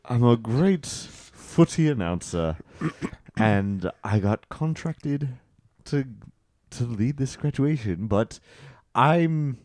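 A man performing an improvised comedy scene in a pompous, drawn-out manner. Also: medium pitch, animated, a little mellow, dry recording, studio quality.

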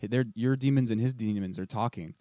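A man's voice: on the low side, fairly quick, dark tone, no room sound. A man in casual chat, rambling and reflective with a playful edge.

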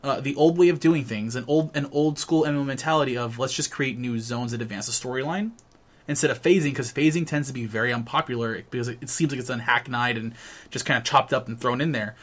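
A man co-hosting a casual gaming podcast, talking quickly at a middling pitch. He rambles along and keeps restarting his sentences. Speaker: podcast co-host.

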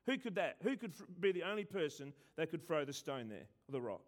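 A man preaching a sermon who stresses words and swings between loud and hushed, often repeating himself. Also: fairly high pitch, big pitch swings, brisk.

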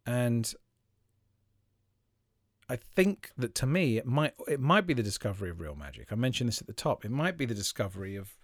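A man hosting his own podcast, talking reflectively and haltingly with many fillers and restarts. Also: medium pitch, big pitch swings, dry recording, clean studio sound. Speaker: podcast host, magician. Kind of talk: reflective solo podcast talk.

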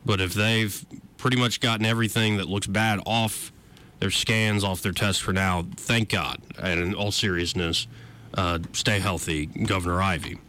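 A man's voice: low voice, fairly even intonation, normal speed, sharp tone. A man hosting a political talk radio show, sarcastic and conversational.

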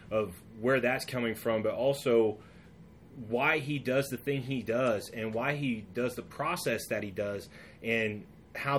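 A man's voice: mid-range voice, a bit bright, a little hiss or hum. A man from California hosting a podcast, chatting casually and telling stories. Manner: chatty, storytelling. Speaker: podcast host. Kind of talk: casual interview.

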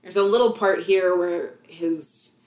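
A woman's voice: fairly low pitch, steady tone, measured pace, darkish tone, reverberant. A woman co-hosting a casual movie commentary. She is giggly and laughs often. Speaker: podcast co-host.

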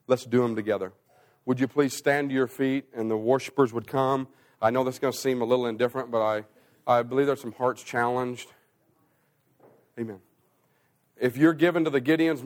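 A man preaching a sermon as pastor, swinging between loud, rising emphasis and hushed, slow passages. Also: medium pitch, fairly even intonation.

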